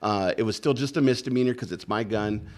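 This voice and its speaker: Rambling and profane, a man appearing as a podcast guest recounts his story casually, peppering it with "like" and "right?" He speaks briskly in a lowish voice with a darkish tone.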